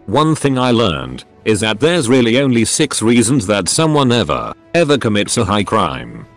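A man's voice: lowish voice, sing-song, normal speed, soft background music. A man voicing a shrewd male counselor who questions a suspect patiently and persistently, in a storybook reading. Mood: probing. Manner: probing and patient.

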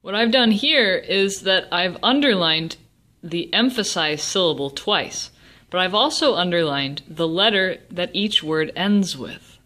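A woman explaining a language lesson, slowing down to pronounce example words with care. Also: lowish voice, lively intonation, sharp tone. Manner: slow, deliberate pronunciation of example words. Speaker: Spanish teacher.

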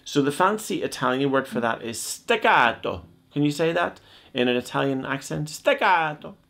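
A man's voice: mid-range voice, animated, moderate pace, creaky, a bit bright. A man teaching cello in a video lesson, explaining step by step in a chatty, joking way.

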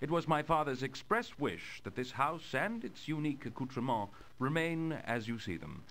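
A man's voice: mid-range voice, big pitch swings, normal speed, background noise, natural voice. An actor playing a courteous, sporty young male baron in a video game, speaking in a polished, formal way.

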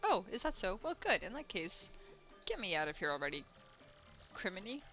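A woman's voice: medium pitch, big pitch swings, moderate pace, sharp tone, faint music behind. A woman voicing a cranky, bossy old female elder of a tiny bug-like tribe in a video game. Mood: impatient. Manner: scolding, bossy.

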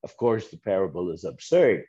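A man's voice: low-pitched, big pitch swings, normal speed, mellow, slightly rough, lo-fi sound. A man giving a sermon at a church service, telling parables and acting out the voices of the people in them, with emphatic repetitions. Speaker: guest speaker at a church service.

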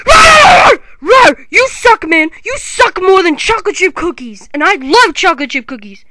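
A woman voicing a team of hyper, silly highlighter space heroes in a homemade puppet show, bouncy and teasing. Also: lively intonation, normal speed, slight background noise, exaggerated voice. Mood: taunting. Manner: giddy, bouncy, shouty teasing.

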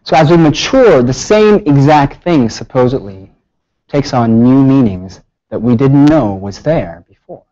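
A man giving a public lecture, telling stories with lively rhetorical questions. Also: mid-range voice, unhurried, highs cut off. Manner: animated storytelling with rhetorical questions. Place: lecture hall.

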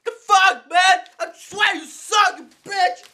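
A man voicing a furious young gamer who yells and curses at a teammate in a high strained voice. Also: slow, heavily acted.

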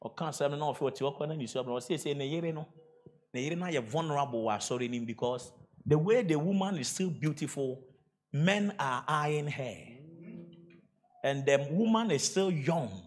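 A middle-aged man with a Ghanaian accent preaching a sermon, swinging from shouts to quiet storytelling and laughing as he goes. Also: a little high, expressive, moderate pace. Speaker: pastor.

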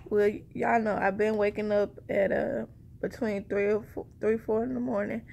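A woman's voice: medium pitch, little pitch movement, moderate pace, vocal fry, a little mellow. A woman chatting casually to her viewers in a rambling, conversational way, a little short of breath. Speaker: vlogger sharing a pregnancy update. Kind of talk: casual chat to camera.

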